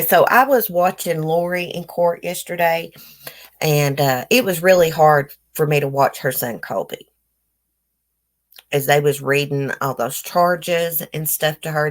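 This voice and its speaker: A woman's voice: sits low, unhurried. A woman hosting a casual livestream, reading news aloud and giving blunt, opinionated commentary to her viewers while nursing a toothache. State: toothache, swollen face. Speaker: livestream host.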